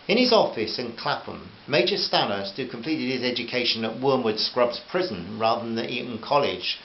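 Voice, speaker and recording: A man narrating his own novel aloud in a steady, conversational reading voice. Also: medium pitch. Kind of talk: audiobook narration. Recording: roomy, dull, hissy home recording.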